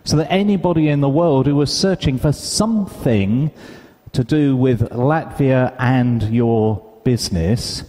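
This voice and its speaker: A man's voice: mid-range voice, unhurried. A British man telling a story in a reverberant conference hall. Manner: animated storyteller, acts out quoted dialogue. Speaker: conference speaker. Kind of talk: storytelling keynote talk. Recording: hall reverb, live stage sound.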